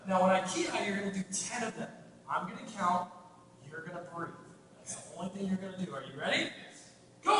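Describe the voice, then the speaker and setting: A man teaching a martial arts class, coaching the student through strikes and shouting spirit yells. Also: sits high. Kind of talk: demonstrating a class to an adult student. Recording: echoey hall, from far off, noisy.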